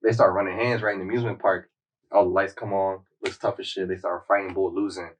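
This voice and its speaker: A man's voice: sits low, flat delivery, fast talker, distant mic, a little hiss or hum. A man hosting a podcast, casually retelling a story in a slangy, rambling way with lots of "like.". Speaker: podcast host.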